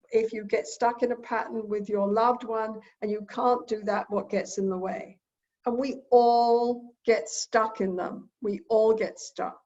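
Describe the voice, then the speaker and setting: A woman couples therapist teaches earnestly from home. She repeats her key phrases and acts out the quotes she gives. Her voice sits at a middle pitch, and the recording sounds dull and lo-fi. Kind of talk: lecture-style talk recorded at home.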